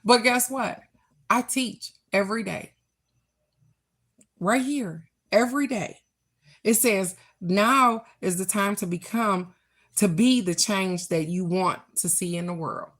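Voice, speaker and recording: Slow, earnest woman card reader. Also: medium pitch. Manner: slow, earnest, affirming, speaks directly to viewers. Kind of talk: reflective spiritual talk to viewers.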